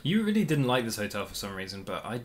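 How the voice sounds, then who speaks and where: A man co-hosting a vlog, commenting casually on footage in a chatty, rambling way and quick to disagree. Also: lowish voice, very animated. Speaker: vlog co-host. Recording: faint background noise.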